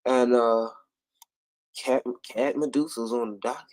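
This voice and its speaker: A man's voice: mid-range voice, fairly even intonation, unhurried, a little mellow. A man hosting a casual commentary livestream, drawling, laughing often and repeating himself. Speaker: livestream host.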